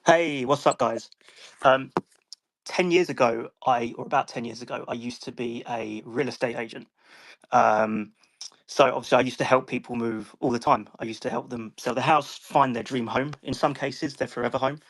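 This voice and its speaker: A British man calmly telling a personal story to a live chat, steady and relaxed with frequent pauses to think. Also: mid-range voice. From United Kingdom. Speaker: guest sharing a story. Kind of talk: casual storytelling.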